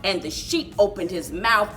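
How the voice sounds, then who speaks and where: A woman, a children's librarian, reading a picture book aloud with expressive storytelling. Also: mid-range voice, normal speed, faint music behind. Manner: expressive storyteller, big swoops for animal noises.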